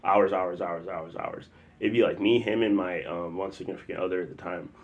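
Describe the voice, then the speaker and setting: Low-voiced man telling a rambling story. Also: steady tone, brisk, lo-fi sound. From Chicago area. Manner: loose and rambling, many fillers, bursts of loud acted quotes. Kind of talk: casual spoken storytelling.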